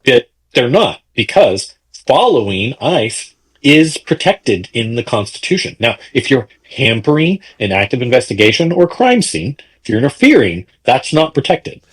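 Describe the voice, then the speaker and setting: A man's voice: medium pitch, very animated, normal speed, slightly rough. A man co-hosting a political podcast, talking in an indignant, questioning way. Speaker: podcast co-host. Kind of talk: casual political chat.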